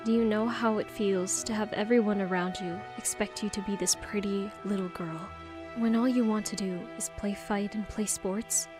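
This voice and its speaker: A woman's voice: medium pitch, fairly even intonation, normal speed, over music, lightly acted. A woman voicing an anguished, tearful young trans man confessing to his boyfriend in an audiobook. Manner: emotional, pleading and tearful.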